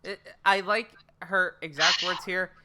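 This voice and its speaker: A man's voice: sits high, fairly even intonation, unhurried, background noise. A man co-hosting a podcast in casual chat, rambling through a recap with many fillers. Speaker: podcast co-host.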